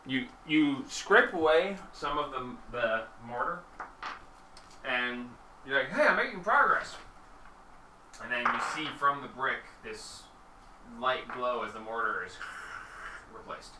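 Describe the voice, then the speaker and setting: A man's voice: mid-range voice, measured pace, background noise. A man narrating as game master, giving dry, matter-of-fact rulings, recorded in a roomy space from a distance.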